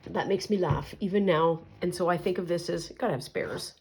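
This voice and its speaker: A woman with a fairly low, breathy voice narrates her craft session in a relaxed, unhurried way. She murmurs and trails off into soft asides as she works. When she tells a story, she livens up and gets chattier. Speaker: collage artist and channel host. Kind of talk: relaxed craft vlog, thinking aloud while working.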